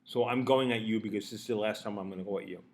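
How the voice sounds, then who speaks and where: A man's voice: racing, lightly acted. A man voicing a regretful mobster friend. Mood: grimly resolved. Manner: profane, blunt, low-key threatening. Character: menacing male mob friend, regretful but resolved.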